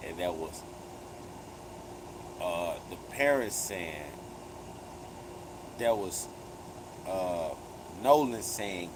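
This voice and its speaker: Slow-talking man with emphatic street slang. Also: low voice, lively intonation, background noise. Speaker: livestream commentary host. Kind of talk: casual profane commentary.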